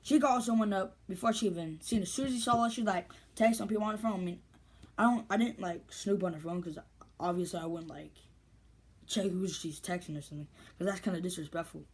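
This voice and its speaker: A woman's voice: lowish voice, fast talker. A woman vlogger telling a story in casual, rambling, slangy speech with lots of restarts.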